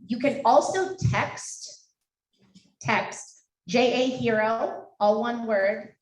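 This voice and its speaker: A woman making an emotional, chatty fundraising appeal into a handheld microphone at a live event, laughing and tearing up. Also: medium pitch. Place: event hall. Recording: echoey hall, distant mic.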